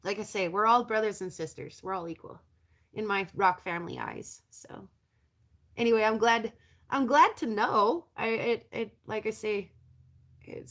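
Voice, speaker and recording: A woman's voice: mid-range voice, fairly bright tone. A woman from the North American prairie, chatting casually and rambling to her viewers as a rockhounding vlogger, laughing often.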